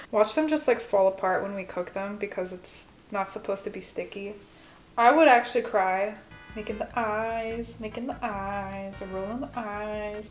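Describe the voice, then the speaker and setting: A young woman in her twenties chatting her way through a home cooking vlog, rambling and self-deprecating, with lots of "like" fillers. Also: on the high side. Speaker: cooking vlogger. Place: home kitchen.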